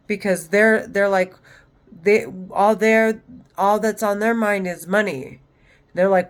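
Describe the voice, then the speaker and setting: A woman and mother talking to camera in an agitated, rambling personal monologue, swearing heavily and restarting often. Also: medium pitch. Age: adult, mother of children. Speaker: vlogger.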